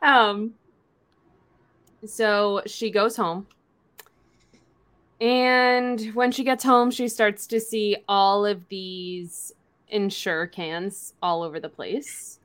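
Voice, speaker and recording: A young woman co-hosting a casual book podcast, relaxed and agreeable as she summarizes chapters. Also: medium pitch, extremely slow, long pauses, clear, resonant tone. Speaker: podcast co-host. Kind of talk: casual book-club chat.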